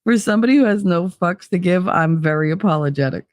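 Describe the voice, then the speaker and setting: A woman's voice: on the low side, animated, quick pace, no echo, studio quality. A woman chatting casually on a live stream, talking bluntly and swearing, with frequent laughs. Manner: blunt and profane, laughs often.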